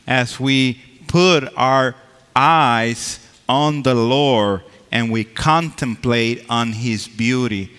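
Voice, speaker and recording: A man's voice: mid-range voice, a bit bright, clear, resonant tone. Man, Spanish accent, sermon, pulpit mic, resonant voice, echoing church. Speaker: pastor. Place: church sanctuary. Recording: long reverb of a church sanctuary.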